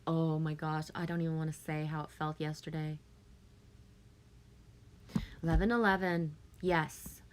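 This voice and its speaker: A woman hosting a casual live stream, chatting with viewers, reading their comments aloud and laughing often. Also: on the low side.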